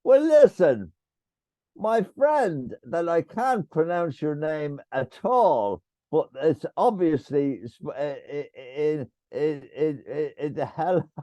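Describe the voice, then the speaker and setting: A man's voice: on the high side, warm tone, no room sound. An older Irish man hosting a club meeting, theatrical and teasing, calling on the audience to answer. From Ireland. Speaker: meeting host.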